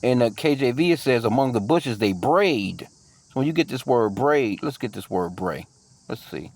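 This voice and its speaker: A man giving casual scripture teaching in a mid-range voice. He reads verses aloud in a measured way, then drifts into loose, profane street talk. His delivery is full of fillers and restarts. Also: mid-range voice, lively intonation, a little mellow, slight background noise. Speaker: bible teacher.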